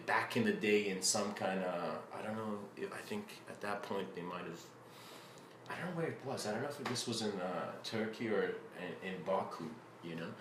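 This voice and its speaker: A man with a lowish, somewhat bright voice gives a casual spiritual lecture, rambling through a story with plenty of fillers and restarts. The recording sounds roomy, with faint ambient noise.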